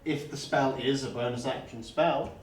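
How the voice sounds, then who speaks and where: A man's voice: medium pitch, steady tone, normal speed, far from the mic. A man running a tabletop game as dungeon master, with dry, teasing rulings. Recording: echoey room.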